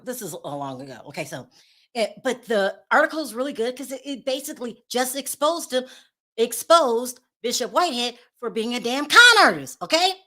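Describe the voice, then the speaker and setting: In a casual gossip commentary, a vlogger with a slightly high, sharp voice addresses her audience directly. She's sassy and sarcastic, repeatedly bursting into laughter at her own jabs.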